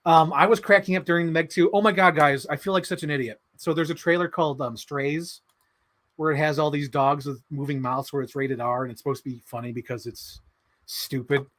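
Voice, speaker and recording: A man hosting a casual livestream, answering chat in an animated, excitable way with many fillers. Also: a little high, brisk. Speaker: livestream host reading chat.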